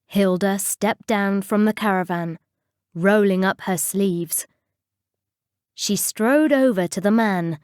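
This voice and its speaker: A woman's voice: medium pitch, takes it slowly, a little mellow, clean tone, dry recording, clean studio sound. A woman reading a storybook aloud expressively for English learners. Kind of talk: storybook narration.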